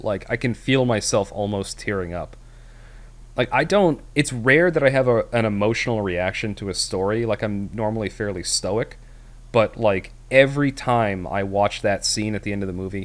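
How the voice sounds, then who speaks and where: A man's voice: fairly low pitch, a bit bright. A man co-hosting a casual movie review chat, rambling with many fillers and restarts. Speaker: podcast co-host.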